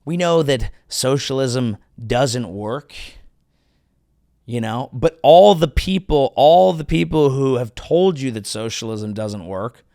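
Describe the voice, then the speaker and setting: A man's voice: medium pitch, slow, gravelly, no echo, studio quality. A male comedian hosting a show, delivering a sarcastic, profane political monologue. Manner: sarcastic, animated, profane ranting. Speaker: comedian host.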